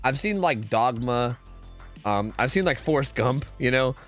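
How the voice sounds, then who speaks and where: Guy streaming games, chatty and rambly, lots of dude and swearing, bouncy pitch, bit of music under it. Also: animated, unhurried, fairly bright tone. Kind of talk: casual chat with chat while gaming.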